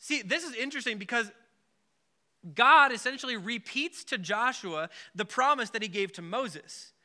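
A man's voice: very high-pitched, moderate pace, pushed and bright. A man preaching a casual sermon, talking in a loose conversational way with many filler words and acting out the voices in the story. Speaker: pastor.

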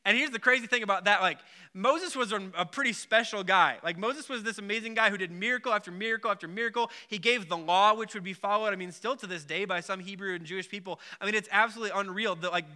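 A man preaching in a relaxed, conversational way, his voice high and very bright. He scatters filler words through his talk and slips into the voices of the people in the story. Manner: conversational, many filler likes, acts out biblical voices. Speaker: pastor. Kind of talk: casual sermon.

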